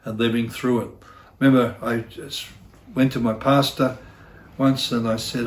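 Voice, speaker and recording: A man's voice: mid-range voice, flat delivery, a little slow, echoey room, a little hiss or hum. A middle-aged man preaching a sermon as pastor, earnest and repeating key phrases for emphasis, with self-deprecating asides. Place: church.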